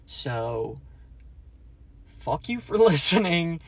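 A man's voice: fairly high pitch, sing-song, very slow, no echo. A man hosting a solo movie review podcast, ranting and joking in a mock-secretive way, acting out quoted lines in a raised voice. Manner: jokey, ranting, mock-conspiratorial. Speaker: podcast host.

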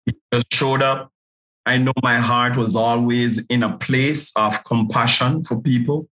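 A man's voice: mid-range voice, fairly even intonation, unhurried, sharp tone, low-quality recording. Jamaican pastor guy on a podcast, earnest, keeps repeating words before he gets going. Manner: earnest, repeats words when starting a thought. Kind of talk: podcast interview guest, preaching.

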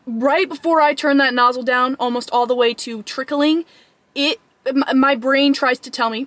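A woman's voice: high voice, fairly bright tone, dry recording. A young woman giving an earnest, emphatic motivational talk to camera as a fitness vlogger. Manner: earnest, emphatic, acts out an inner voice in quick asides.

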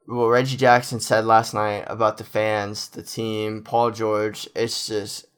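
A man's voice: lowish voice, flat delivery, takes it slowly, fairly bright tone, clear, resonant tone. A young man talking casually as a fan commentator in an effusive, emotional, rambling monologue.

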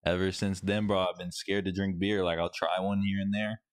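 Young male co-host, deep voice, profane rambling storyteller, dry sound. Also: level tone, brisk, no room sound. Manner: profane, rambling, swears constantly. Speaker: podcast co-host. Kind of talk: casual storytelling chat.

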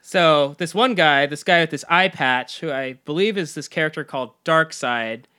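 Bright-voiced man riffing on movies. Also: on the high side, moderate pace, clear, resonant tone. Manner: laughs often, quotes characters in mock voices. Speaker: podcast co-host. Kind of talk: casual movie review chat.

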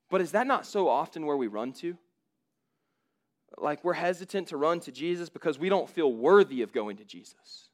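Male preacher, casual and emphatic, very animated delivery. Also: on the high side, normal speed. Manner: informal, emphatic, frequent "like" fillers. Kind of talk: conversational sermon.

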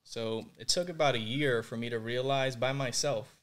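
At a moderate pace, a young man with a medium-pitched, fairly bright voice reflects earnestly on his path to faith. Raised in Puerto Rico, he's a guest in a candid podcast interview and says "like" and "you know" constantly.

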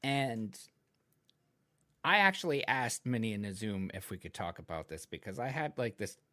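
A man with a Rhode Island accent hosts a casual stream chat, telling stories in an excitable way. His pitch leaps around a lot, and the sound is dry and close. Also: normal speed, no room sound. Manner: animated, excitable storytelling. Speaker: stream host.

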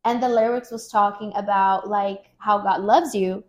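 A woman's voice: mid-range voice, steady tone, moderate pace, a little mellow. A woman hosting a faith podcast, telling an emotional personal testimony in an earnest way with many fillers. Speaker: podcast host.

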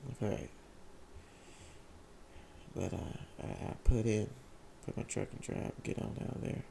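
A young man candidly telling a personal story in casual slang, often halting and repeating his words. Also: fairly low pitch, gravelly, dark tone, a little hiss or hum. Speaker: vlogger sharing a personal story.

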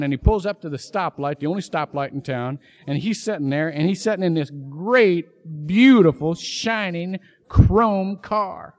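A male pastor preaches in a church with a high, lively voice that swoops widely. He tells stories with sudden emphatic bursts. His delivery is animated throughout. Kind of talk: sermon. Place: church sanctuary.

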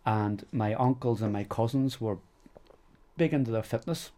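A man's voice: mid-range voice, normal speed, mellow. A middle-aged man with a Northern Irish accent, telling stories in a casual interview, rambling and full of "you know" fillers. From Northern Ireland. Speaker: guest.

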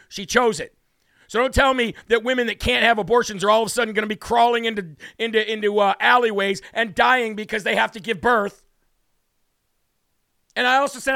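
A man's voice: high voice, pushed and bright, no room sound, clean studio sound. A male talk show host giving a brash, emphatic, preachy monologue with a scripture reading.

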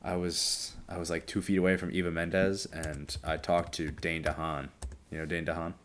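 Deep-voiced young man, laid-back podcast chat. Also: level tone, moderate pace, fairly bright tone, a little hiss or hum. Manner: laid-back, reacting with short exclamations. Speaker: podcast co-host. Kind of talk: casual chat.

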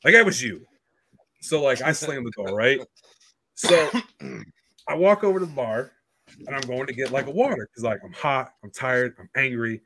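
A young man hosting a podcast, telling a story in a blunt, profane, animated way. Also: mid-range voice, moderate pace, slight background noise. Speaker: podcast host. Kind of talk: casual storytelling chat.

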